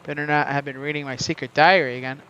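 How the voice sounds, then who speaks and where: Young male game streamer, slightly high voice, rambling, unscripted commentary. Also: fairly even intonation, fast talker, bright, forceful tone, muffled recording, a little hiss or hum. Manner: chatty, thinks aloud, guessing names. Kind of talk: casual let's-play commentary.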